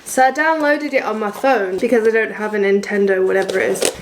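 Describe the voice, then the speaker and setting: A woman's voice: medium pitch, fairly quick, noisy background. A woman in her twenties chatting through a baking vlog in her home kitchen, rambling with self-mocking asides. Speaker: vlogger.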